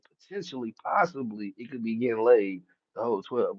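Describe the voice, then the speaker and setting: A man's voice: medium pitch, big pitch swings, normal speed, no room sound, lo-fi sound. Profane Philly man riffing on boxing. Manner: profane, laughing often, street slang. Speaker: boxing commentator. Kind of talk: casual chat.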